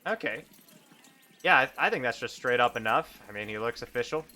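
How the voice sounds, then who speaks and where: A man's voice: medium pitch, lively intonation, brisk, pushed and bright, a little hiss or hum. A man narrating a solo tabletop game on stream, thinking aloud and chatting in a self-amused way. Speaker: solo game master and player.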